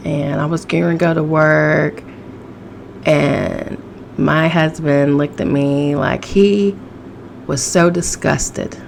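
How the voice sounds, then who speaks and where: A woman's voice: low-pitched, steady tone, slow pace, vocal fry, a little hiss or hum. A woman hosting a casual solo podcast, sassy and profane, laughing often, with a chesty cough. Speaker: podcast host.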